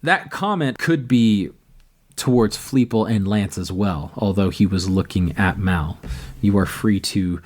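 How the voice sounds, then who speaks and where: A man's voice: fairly low pitch, a little slow, darkish tone. A man narrating a tabletop game as game master, loose and full of fillers.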